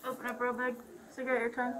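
A woman doctor examining a patient, giving brisk, gentle instructions. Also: a little high, monotone, a crowd in the background, poor audio. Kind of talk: clinical exam instructions.

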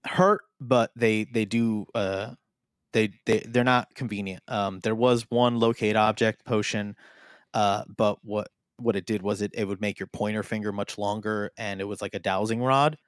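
A man's voice: fairly low pitch, steady tone, normal speed, smooth, dry recording, clean studio sound. Hesitant man rambling with many fillers. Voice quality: hesitant, full of fillers and restarts. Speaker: co-host. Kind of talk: improvised comedy chat.

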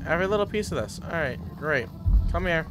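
A young man narrates his video game playthrough in a high, light voice. He grumbles with sarcastic, exasperated asides. Loud game music plays behind him. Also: expressive, brisk. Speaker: gaming streamer. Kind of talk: let's-play commentary.

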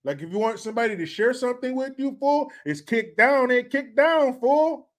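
A man putting on a brash, teasing Chicano homeboy from Central California with a Chicano English accent and drawn-out, taunting slang. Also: very high-pitched, pitched above the performer's own voice.

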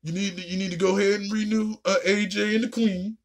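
A woman ranting casually and profanely while reacting to a show, with a raspy, gravelly voice. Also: medium pitch, fairly even intonation, fast talker. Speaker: video reactor.

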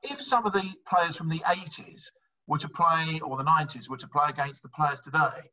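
Man from england, husky, bright edge, far from mic, dull lo-fi sound. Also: fairly high pitch. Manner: halting, searching for words. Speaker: guest asking a question. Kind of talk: asking a question on a video call.

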